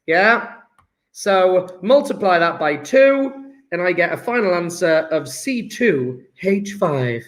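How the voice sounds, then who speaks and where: A man's voice: high-pitched, lively intonation, takes it slowly, fairly bright tone. A man teaching a live online chemistry lesson, working through sums aloud in a chatty, joking way.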